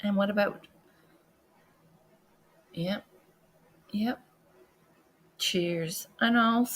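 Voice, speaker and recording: A woman hosting a casual livestream, excitable and chatty, jumping from loud exclamations to quiet muttering. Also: fairly high pitch, takes it slowly, pauses often. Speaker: livestream host.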